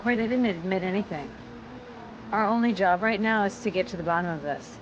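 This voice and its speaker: A woman's voice: mid-range voice, brisk, lightly acted. An actress playing a determined, impatient female journalist who speaks insistently. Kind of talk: film acting, naturalistic dialogue. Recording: dull sound with clear ambient noise.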